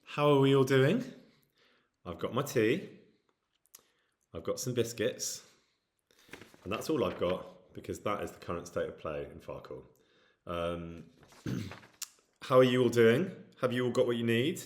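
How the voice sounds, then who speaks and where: A man's voice: medium pitch, animated, a little slow, pauses often. A man from near Birmingham with a Brummie accent, casually chatting with his livestream viewers and reading out their comments in a self-deprecating way. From English Midlands, near Birmingham. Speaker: livestream host. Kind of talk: casual chat with stream viewers.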